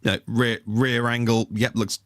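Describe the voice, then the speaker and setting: With a mid-range voice and flat delivery at normal speed, a man co-hosts a podcast in casual chat. He rambles through many fillers and restarts, and the clean studio recording has no echo.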